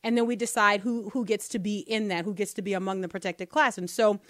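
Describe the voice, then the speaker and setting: A woman hosting a podcast, talking through political commentary in an animated, rhetorical way. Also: medium pitch, fairly quick, no room sound, studio quality. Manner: animated, rhetorical, asks listeners to bear with her. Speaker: podcast host.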